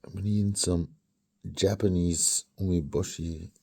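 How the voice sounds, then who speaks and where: A man's voice: low voice, fairly even intonation, unhurried, mellow. A man in his fifties with a sore throat, rambling in a meandering personal monologue that drifts into mutters and whispers. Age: 50s. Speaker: vlogger.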